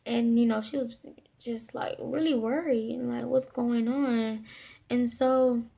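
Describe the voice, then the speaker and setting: A woman with a somewhat high voice and a lot of gravelly fry tells a personal story straight to camera. She talks haltingly, filling pauses and restarting her sentences. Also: steady tone, warm tone. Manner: halting, with frequent fillers and restarts. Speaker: vlogger.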